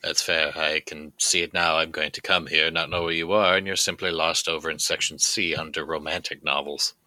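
A man doing a deep, wry gentleman. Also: fairly even intonation, no echo, heavily acted. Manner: measured, formal and wry.

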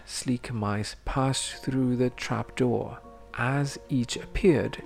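A man reading a fairy tale aloud in a measured, expressive storybook manner. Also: medium pitch, gravelly. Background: music.

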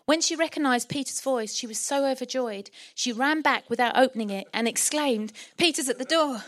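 A woman's voice: sits high, moderate pace, no room sound. A middle-aged woman from England preaching a sermon as pastor, impassioned and rousing, acting out the voices in her story.

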